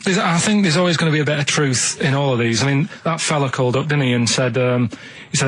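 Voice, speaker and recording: Halting, rambling man telling odd stories. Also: mid-range voice, a bit bright. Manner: rambling, halting storyteller with many fillers. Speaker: radio show regular. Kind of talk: casual radio banter.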